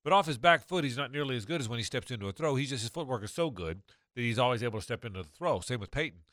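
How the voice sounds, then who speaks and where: A man hosting a sports talk show, talking football in an animated, rambling way with many restarts. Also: medium pitch, very fast, dry recording, studio quality. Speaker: sports radio host.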